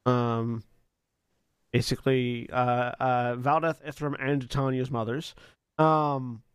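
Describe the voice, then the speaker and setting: A man narrating a tabletop game as dungeon master, casual and halting with many fillers. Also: medium pitch, fairly even intonation, clear, resonant tone, dry recording, clean studio sound.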